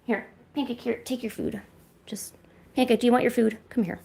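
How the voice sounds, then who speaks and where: A woman with a slightly high voice and a gravelly edge coaxes her cats in a casual, sing-song way, as if chatting during a stream. The room is echoey, and faint hiss sits under her voice. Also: fairly even intonation, a little fast, a little mellow. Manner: coaxing pet talk, often high and sing-song. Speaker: livestream host.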